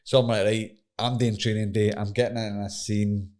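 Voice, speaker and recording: A man's voice: lowish voice, little pitch movement, moderate pace, darkish tone. A young Scottish man, an MMA fighter, telling a story in casual, sweary conversation and laughing as he goes. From Scotland.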